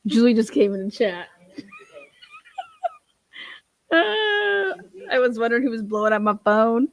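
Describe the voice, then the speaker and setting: A woman's voice: fairly high pitch, expressive, unhurried, creaky, no echo. A woman hosting a casual true crime livestream, swearing freely, laughing and reading court documents aloud. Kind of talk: casual profane livestream commentary.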